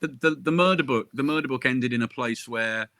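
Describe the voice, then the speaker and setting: Bright, chatty man on a dry call. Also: medium pitch, brisk, dry recording. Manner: chatty, self-interrupting, jokey asides. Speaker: crime author interviewed as guest. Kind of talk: casual chat.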